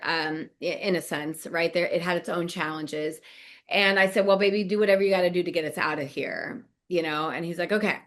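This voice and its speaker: A middle-aged woman from Nebraska, co-hosting a podcast and telling a story casually, acting out quoted lines and laughing often. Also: medium pitch. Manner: animated, laughs often, acts out quoted dialogue. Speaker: podcast co-host, business coach.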